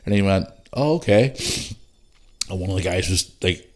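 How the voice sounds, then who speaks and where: A middle-aged man from Northern Ireland hosts a podcast, telling a rambling, sweary story in a casual storytelling chat and addressing his listeners as guys. His voice is low-pitched and darkish, with a flat delivery and a fast pace.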